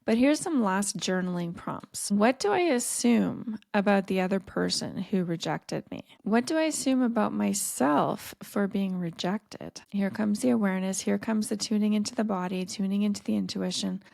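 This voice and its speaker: Gravelly, earnest woman podcast host. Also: medium pitch, moderate pace, hardly any pauses, no echo, clean studio sound. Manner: gentle, earnest, encouraging. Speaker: dating coach and podcast host. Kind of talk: solo podcast talk.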